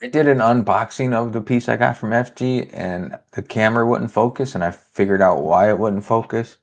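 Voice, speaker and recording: Male co-host, low and relaxed, reads listings aloud. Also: normal speed. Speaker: co-host of a precious metals livestream. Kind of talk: casual chat.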